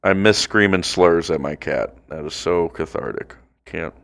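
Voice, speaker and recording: Male podcast co-host, low and clean voice, crude joker. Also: gravelly, fairly bright tone. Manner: joking, crude, drawn-out bits with high-pitched laughs. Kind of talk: crude casual chat. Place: home.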